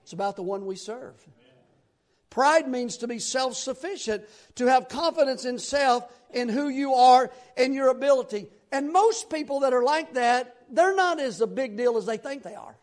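High-voiced man preaching a folksy sermon. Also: normal speed. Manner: conversational, folksy preaching with rhetorical questions.

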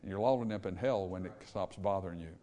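A man preaching, swinging between loud emphatic points and hushed pleading. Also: low-pitched, fast talker. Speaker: pastor. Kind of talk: sermon. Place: church sanctuary.

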